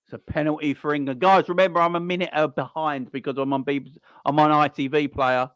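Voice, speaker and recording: A man's voice: a little high, fairly even intonation, quick pace, clear, resonant tone, no room sound. A man hosting a live football watchalong stream, chatting casually and rambling between reactions to the play and greetings to viewers.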